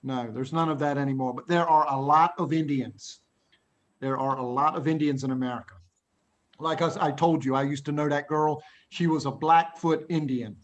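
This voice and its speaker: An animated middle-aged male teacher telling a dramatic story to a class over a video call. His voice sits fairly high for a man, and he leans into the drama, often chuckling. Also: normal speed. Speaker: English teacher. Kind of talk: storytelling lesson to children.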